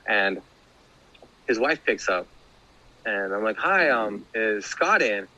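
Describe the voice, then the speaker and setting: A bright, forceful man in his thirties tells a long personal story in a loose, rambling way. He swears freely, fills gaps with "you know," and restarts his sentences. When he quotes other people, his pitch leaps upward. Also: lively intonation, slow, highs cut off. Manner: rambling, profane, many fillers and restarts; acts out quoted voices with big pitch jumps.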